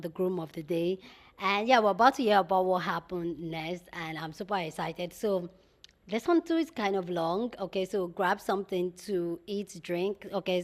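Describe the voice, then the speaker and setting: A woman hosting a reaction video, giving an eager, chatty recap before the clip plays. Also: fairly low pitch. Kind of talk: casual reaction intro.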